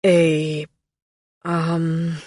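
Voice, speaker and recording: A woman's voice: sits low, completely flat delivery, a little mellow, dry recording, studio quality, exaggerated voice. A woman voicing a jittery bird-man servant. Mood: hesitant. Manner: hesitant and fidgety, then rushed. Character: nervous male servant, a bird turned into a man.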